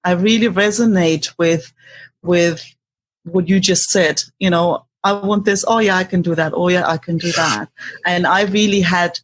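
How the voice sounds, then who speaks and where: A woman's voice: fairly low pitch, steady tone, moderate pace, no room sound. A woman podcast host in a casual interview, affirming her guest and relating her points to her own experience.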